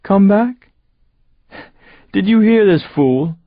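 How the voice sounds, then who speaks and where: A gloating alien overlord with a fancy English accent, his voice pitched well above the narrator's own and pushed louder, sneering slowly through every taunt, as a man puts him on. The audiobook recording is dry and a little muffled. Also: lively intonation, no room sound, heavily acted. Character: smug mocking male alien overlord, gloating show-off.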